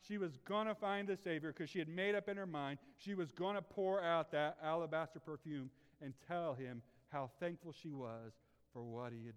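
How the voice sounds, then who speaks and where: Man, pastor, impassioned sermon, loud-to-hushed swings, rhetorical questions, slightly high voice, long hall reverb. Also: normal speed, clear, resonant tone. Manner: asks the congregation rhetorical questions.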